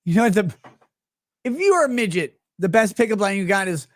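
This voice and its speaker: A man hosting a livestream rambles in a crude, profane way, giving casual commentary and reading chat messages aloud. His voice sits high and is very animated, a little fast. The sound is clean studio quality with no echo.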